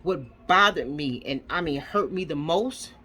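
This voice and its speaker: A woman's voice: sits low, expressive, measured pace, fairly bright tone. A woman vlogger ranting angrily, swearing and firing off rhetorical questions with lots of repetition. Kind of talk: angry commentary rant.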